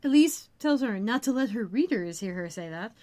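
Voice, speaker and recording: Chatty jokey woman podcaster, higher voice. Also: expressive, normal speed, darkish tone. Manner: chatty, jokey, tangents and side comments. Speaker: podcast co-host. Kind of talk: casual chat recapping a TV episode.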